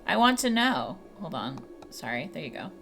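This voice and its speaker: A woman hosting a casual livestream from home, chatting with viewers in a giggly, animated way with casual swearing. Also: low-pitched, normal speed, slight background noise. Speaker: livestream host.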